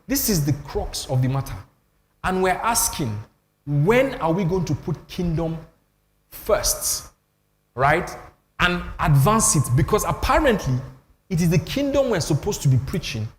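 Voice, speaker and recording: A man's voice: on the high side, a little hiss or hum. Older man, Nigerian accent, emphatic storyteller, long hall echo, faint ambience. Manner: storytelling, emphatic, self-deprecating. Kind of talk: animated panel talk on church.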